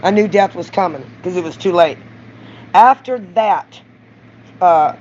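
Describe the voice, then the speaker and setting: A woman's voice: lowish voice, unhurried, pauses often, darkish tone, slight background noise. A middle-aged woman from Mississippi with a Southern accent, rambling bluntly and profanely to camera in a confessional vlog, voice rising at times. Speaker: vlogger. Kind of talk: raw confessional monologue to camera. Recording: dull lo-fi recording.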